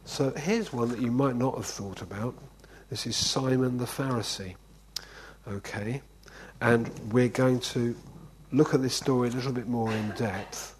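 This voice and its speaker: A man's voice: mid-range voice, measured pace, breathy edge, poor audio. A man preaching an informal sermon in a conversational way, often checking in with "okay?". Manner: conversational, keeps asking "okay?".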